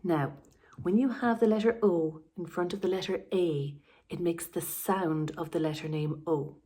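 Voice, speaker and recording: An Irish woman teaching a remote phonics lesson to young children, sounding out letters clearly. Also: fairly low pitch, moderate pace, dark tone. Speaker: primary school teacher.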